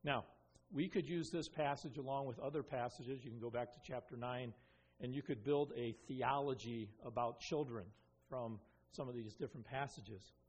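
Husky-voiced man preaching in a reverberant hall. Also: medium pitch, normal speed. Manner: earnest expository preaching with frequent ums and restarts. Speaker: pastor. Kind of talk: sermon.

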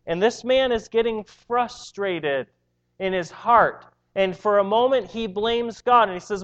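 A man's voice: high-pitched, normal speed, a bit bright, dull audio. A man preaching a sermon in an earnest, emphatic way, often repeating words as he drives a point home.

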